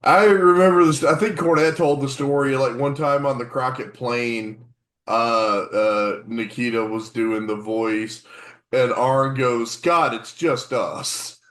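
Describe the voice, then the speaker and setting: Slow-talking podcast co-host in echoey room. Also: male voice, mid-range voice, steady tone, fairly bright tone. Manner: hesitant, many fillers. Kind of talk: casual chat.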